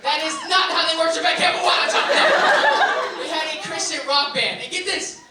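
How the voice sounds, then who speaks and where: A young man doing a stand-up set at a live venue, telling stories in an animated way with sudden shouts and laughing asides. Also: very high-pitched, moderate pace. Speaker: stand-up comedian. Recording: echoey distant room mic, loud crowd and noise.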